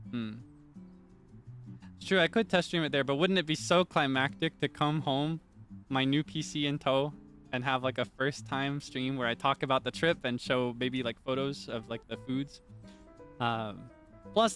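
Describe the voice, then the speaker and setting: A man's voice: mid-range voice, a bit bright. A young man streaming, chatting casually and rambling with many fillers and restarts. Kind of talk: casual chat.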